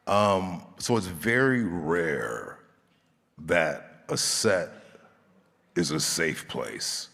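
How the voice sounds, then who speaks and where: Slow, low-voiced man telling stories. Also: creaky, slightly rough. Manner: relaxed storyteller, laughing often. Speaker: actor guest on a panel. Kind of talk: anecdotal storytelling. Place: large convention stage. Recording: reverb of a large hall.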